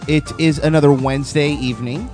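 A man's voice: on the high side, a little fast, faint music behind. A man hosting a live comedy podcast, joking around with his co-hosts and laughing often. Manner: laughs often, animated and incredulous. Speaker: podcast host. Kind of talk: casual live podcast banter.

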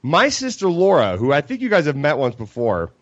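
A man's voice: a little high, a little fast, no echo. A young man from Colorado, co-hosting a podcast and telling a rambling, profane story as he acts out what everyone said. The sound is dry and a little dull, like a lo-fi podcast mic in a small room. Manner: animated, profane storytelling with acted-out quotes. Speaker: podcast co-host. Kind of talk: casual storytelling chat.

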